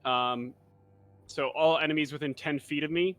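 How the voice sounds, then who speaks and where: A man playing a tabletop game, explaining his character's moves in a halting way with many fillers. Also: fairly high pitch, fairly even intonation, fairly bright tone. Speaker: player.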